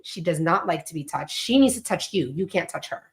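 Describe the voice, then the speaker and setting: A woman's voice: fairly low pitch, brisk. A woman co-hosting a podcast, chatting casually about her children and often acting out their voices. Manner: chatty, animated when quoting her kids. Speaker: podcast co-host, mother. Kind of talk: casual chat.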